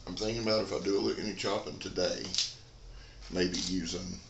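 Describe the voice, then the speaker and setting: A man's voice: low-pitched, steady tone, brisk, gravelly, echoey room, background noise. A man, rambling in a folksy casual chat as a knife reviewer in a dim room. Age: 40s.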